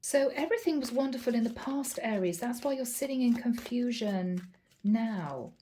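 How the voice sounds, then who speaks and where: A woman's voice: fairly high pitch, animated, warm tone, a little hiss or hum. A woman giving a channeled tarot reading in a chatty style, drawing out words for emphasis. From Ireland. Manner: chatty, drawn-out emphatic phrasing. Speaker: tarot reader.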